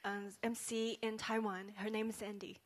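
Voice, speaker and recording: A woman interpreting a sermon into English line by line, halting, with many fillers and self-corrections. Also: medium pitch, flat delivery.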